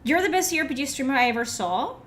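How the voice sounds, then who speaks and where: A woman's voice: high voice, expressive, quick pace, a bit bright, slight background noise. A woman streamer chatting casually with her audience, chatty and profane, joking between game lines.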